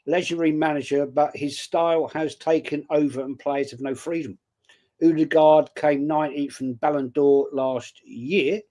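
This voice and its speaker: A man with a London accent hosting a casual football livestream, reading out viewer comments and giving shout-outs. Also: a little high, fairly even intonation, normal speed. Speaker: host.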